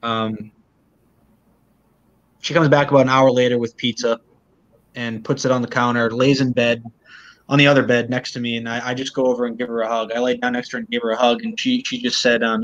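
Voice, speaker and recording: A man being interviewed, retelling events in a halting way and often repeating words. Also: medium pitch, level tone, a bit bright, muffled recording. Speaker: interview guest.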